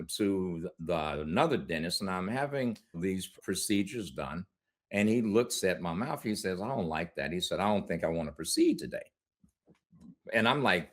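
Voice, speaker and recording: A middle-aged man with a very low voice tells his own story as a guest in an interview. He talks candidly and conversationally, and laughs often as he goes. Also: fairly bright tone.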